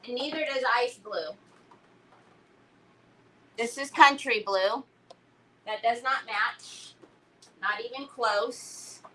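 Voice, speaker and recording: A woman's voice: on the high side, slow pace, long pauses, bright, forceful tone, slight background noise, low-quality recording. A woman hosting a casual crafting livestream, chatting, laughing and greeting viewers by name.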